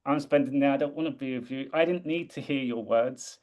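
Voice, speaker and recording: A man's voice: medium pitch, fairly quick, a little mellow, dull audio. A man from the UK talking earnestly and reflectively in a casual conversation, often restarting his sentences. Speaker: guest.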